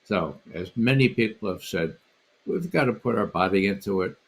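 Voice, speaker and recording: Animated older man telling a story. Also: on the low side, moderate pace. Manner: animated, emphatic, repeats words. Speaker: guest panelist. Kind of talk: storytelling on a livestream panel.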